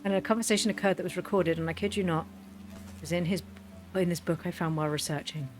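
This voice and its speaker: With a little hiss or hum in the background, a woman hosts a game video, her voice on the low side and her delivery fast. She chats animatedly through casual gameplay commentary and keeps breaking into giggles.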